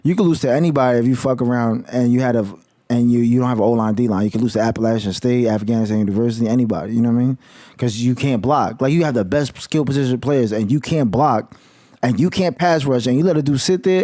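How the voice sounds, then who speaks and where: A man's voice: mid-range voice, quick pace, dark tone, no echo, clean studio sound. A man vlogging about college football in a heated, slangy rant full of swearing. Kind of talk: casual profane rant.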